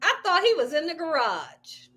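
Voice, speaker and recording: A woman's voice: very high voice, sing-song, normal speed, pushed and bright. A woman hosting a casual live cooking stream from home, chatting freely, laughing often and reacting to viewer comments. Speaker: cooking channel host. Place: at home, window open.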